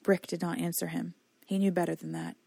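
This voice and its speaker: Audiobook narrator, husky voice, dry close sound. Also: female voice, on the low side, flat delivery, a little fast, mellow, dry recording. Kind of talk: scripted narration.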